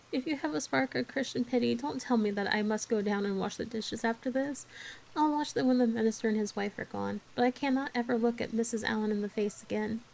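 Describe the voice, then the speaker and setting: Brief: woman doing an anguished orphan girl, pitched up, dramatic storybook reading. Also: vocal fry, a little mellow.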